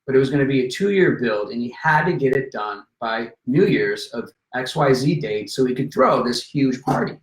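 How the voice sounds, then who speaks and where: A man in casual conversation telling a story with lively energy, acting out the people in it. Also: medium pitch, moderate pace, few pauses. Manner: animated, acts out voices in anecdotes. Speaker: podcast guest. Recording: roomy echo.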